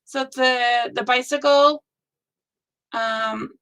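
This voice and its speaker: A woman's voice: on the high side, slow. A woman hosting a live stitching show, gushing over viewers' projects with gasps and exclamations. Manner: gushing, excitable, lots of gasps and "oh my gosh". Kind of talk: live show-and-tell chat.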